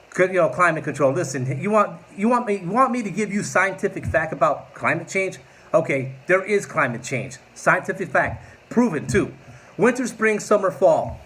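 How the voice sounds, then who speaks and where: A man's voice: fairly high pitch, fairly bright tone. A man in his forties ranting to camera in a political vlog, combative and mocking, with sarcastic asides. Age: 40s. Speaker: political vlogger.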